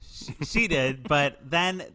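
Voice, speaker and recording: Bright-voiced chatty male podcast host. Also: on the high side, animated, slow pace. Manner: chatty and joking, with many "like" fillers. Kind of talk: casual chat recapping a TV movie.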